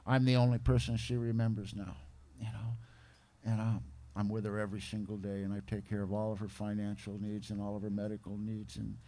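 A man's voice: on the low side, monotone, brisk, dark tone. A middle-aged man giving personal testimony at a recovery meeting, in casual slangy talk, acting out other people's lines as he goes.

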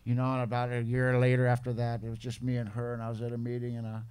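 A man's voice: medium pitch, completely flat delivery, quick pace, darkish tone, smooth. Slangy middle-aged man telling his story. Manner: casual slangy talk, acts out others' lines. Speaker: recovery meeting speaker. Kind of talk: personal testimony storytelling.

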